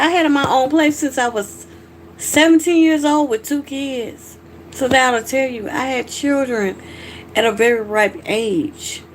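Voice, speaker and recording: A woman's voice: on the high side, a little hiss or hum. A middle-aged woman from Georgia with a Southern accent, chatting frankly with viewers on her livestream and reacting to their comments. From Georgia, USA. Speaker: livestream host. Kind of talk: casual livestream chat reading comments.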